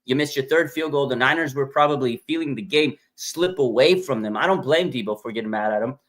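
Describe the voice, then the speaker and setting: A man's voice: mid-range voice, brisk. A man hosting a live fan reaction show, talking emphatically, repeating points and using lots of fillers. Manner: animated, emphatic, repeats himself, frequent fillers. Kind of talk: live sports reaction talk.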